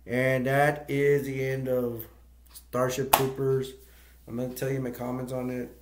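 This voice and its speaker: A man of middle pitch talks casually through a film's story and keeps stopping to search for the right word. His voice sounds echoey, as if recorded in a bare room. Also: little pitch movement, measured pace, noisy background. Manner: rambling, searching for words. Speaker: movie review channel host. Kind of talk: casual plot recap.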